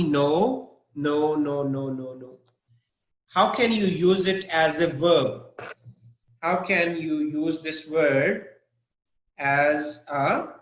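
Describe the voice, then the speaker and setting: Male teacher, slow and careful, spells words and marks stress, fairly high voice, echoey room. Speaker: English teacher. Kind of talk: online vocabulary lesson.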